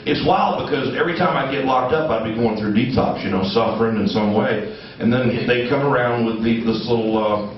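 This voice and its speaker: A man's voice: mid-range voice, brisk, a little hiss or hum. A middle-aged man, telling his recovery story to an audience in a folksy, humorous way. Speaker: recovery speaker. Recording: distant echoey hall recording, dull.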